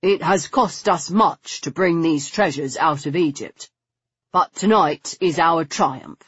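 Woman narrator doing a courteous, flirtatious gentleman, smooth and coaxing, slow and husky. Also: a little high, dry recording, muffled recording, full character voice. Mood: charming. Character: charming, flirtatious man, enthusiastic about antiquities.

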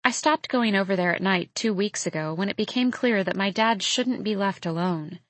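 A woman's voice: mid-range voice, moderate pace, no room sound. Woman reading a first-person audiobook. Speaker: audiobook narrator. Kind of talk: first-person scripted narration.

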